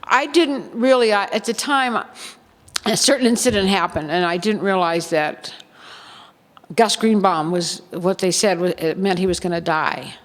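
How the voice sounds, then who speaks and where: A woman's voice: medium pitch, a little slow. Blunt older woman in a reverberant hall. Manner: blunt, laughs often, acts out quoted voices. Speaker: former showgirl speaker. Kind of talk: storytelling at a seminar.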